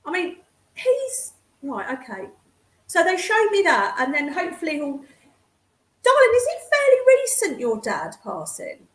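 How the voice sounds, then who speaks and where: A woman's voice: very high voice, huge pitch swings, unhurried, fairly bright tone, reverberant. A woman giving a psychic reading as a medium, chatty and affectionate, calling the sitter darling.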